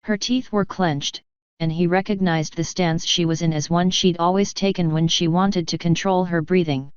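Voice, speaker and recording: Clear-voiced woman narrating fanfiction. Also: fairly low pitch, fairly even intonation, moderate pace, dry recording, lo-fi sound. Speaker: fanfiction reader. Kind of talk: audiobook narration.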